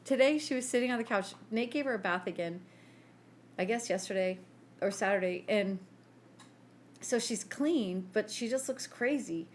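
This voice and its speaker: A woman co-host spins a lively story with frequent laughs and voices for the people in it. Her voice sits at a middling pitch. A faint hiss sits under the recording. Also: moderate pace. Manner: animated storyteller, laughs often, acts out quotes. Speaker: podcast co-host. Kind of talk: casual chat.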